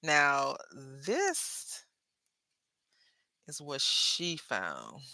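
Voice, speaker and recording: A woman's voice: low-pitched, wildly swooping pitch, very slow, pushed and bright, dry recording. A woman hosting her crafting channel, chatting casually to viewers while she works at her craft desk. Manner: chatty, talks straight to viewers and chat, laughs often.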